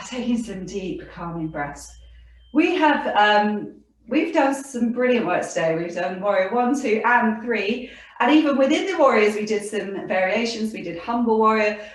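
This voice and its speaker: A woman teaching a yoga class for children, gentle and encouraging, laughing now and then, recorded at home by a camera across the room. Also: on the high side, lively intonation, a little slow, recorded from a distance. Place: home room with her dog and cat. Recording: very echoey room, voice from off-mic.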